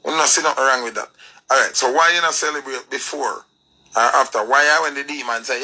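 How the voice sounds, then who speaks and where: Forceful gravelly Jamaican man ranting. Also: medium pitch, a little fast, low-quality recording. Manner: preachy, emphatic, rhetorical questions. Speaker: commentator. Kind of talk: ranting commentary.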